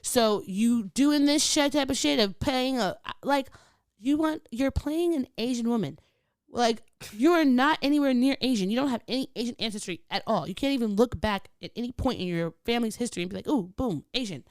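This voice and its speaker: Smooth-voiced woman podcast co-host. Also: on the high side, a little fast, dry recording, studio quality. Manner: candid, swears, animated. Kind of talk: casual chat.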